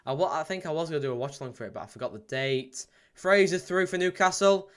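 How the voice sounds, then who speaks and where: A man hosting a live football watchalong stream. He chats casually, reads out viewer comments with plenty of ums, and breaks into excited play-by-play. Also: mid-range voice, very fast. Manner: bursts into excited play-by-play at goals. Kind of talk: live match watchalong chat.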